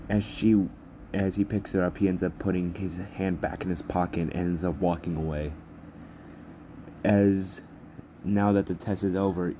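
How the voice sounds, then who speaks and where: A man's voice: low voice, mellow, slight background noise. A man narrating an improvised fan story in a rambling, repetitive way with many restarts.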